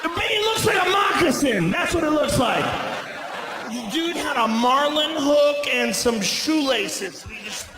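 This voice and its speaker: A stand-up comedian shouts his way through a crude story in a very high, strained register. His voice rings through a big roomy theater, with the crowd's noise clearly under it. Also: unhurried. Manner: loud, profane, animated storytelling with shouted punchlines. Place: large theater stage. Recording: roomy live theater sound with audience noise.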